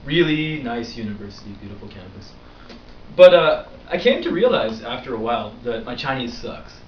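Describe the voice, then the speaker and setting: A young man telling a story on his vlog speaks with a medium pitch at normal speed, rambling casually and animatedly with many fillers. A little hiss or hum runs through the dull, roomy, distant recording.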